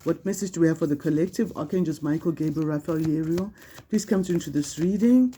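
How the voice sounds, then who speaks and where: A woman's voice: low voice, fast talker, warm tone, slight background noise. A woman doing a spiritual card reading to camera, speaking in a conversational, emphatic way, often repeating herself and restarting sentences. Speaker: tarot card reader.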